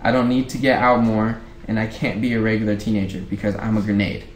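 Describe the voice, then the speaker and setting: A man's voice: lowish voice, flat delivery, quick pace. Male reader, casual read-aloud, rereads lines, roomy echo, faint hiss. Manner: rereads lines, breaks off to chat. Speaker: book club reader. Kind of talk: casual reading aloud of a novel.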